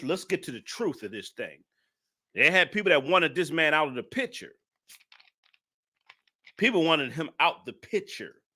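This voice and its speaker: A man's voice: mid-range voice, bright, forceful tone. A man giving live-stream commentary, emphatic and repeating his points with indignant rhetorical questions.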